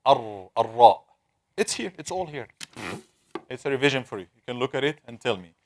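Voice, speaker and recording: A man's voice: medium pitch, lively intonation, quick pace, fairly bright tone, a little hiss or hum. Man drilling Arabic letter sounds. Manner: patient, drills letter sounds repeatedly, calls on students. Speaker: Tajweed teacher. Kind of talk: live online class teaching Arabic letters.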